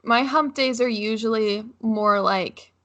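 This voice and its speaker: A woman's voice: on the high side, takes it slowly, a bit bright. A young woman co-hosting a casual chat podcast, giggly and prone to tangents. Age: young adult. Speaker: podcast co-host.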